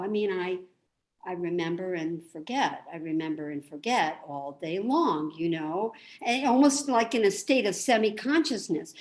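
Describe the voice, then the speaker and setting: A woman's voice: a little high, a little mellow. A woman playing a nervous, rambling woman venting. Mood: indignant. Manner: nervous, self-deprecating, halting restarts. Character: anxious rambling woman venting about her weight. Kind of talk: theatrical monologue. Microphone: video call.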